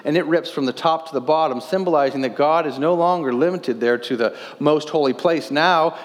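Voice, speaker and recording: Pastor guy in his 30s preaching, kinda high voice, earnest, reads verses out. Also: in a large hall. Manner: earnest, questioning, reads scripture aloud. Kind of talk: sermon.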